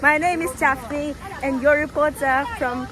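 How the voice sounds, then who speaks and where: A woman's voice: high voice, steady tone, unhurried. A young woman with a Filipino accent vlogging casually while walking outdoors at night, chatty and rambling into her phone camera. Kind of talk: casual vlog narration, mixing languages. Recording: loud music behind.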